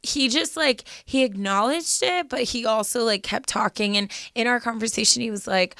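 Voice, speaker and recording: Woman, young adult, podcast co-host, casual chat, gravelly fry, smooth tone. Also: fairly high pitch, moderate pace, hardly any pauses, sharp tone, dry recording, studio quality. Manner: chatty, heavy use of "like", candid and personal.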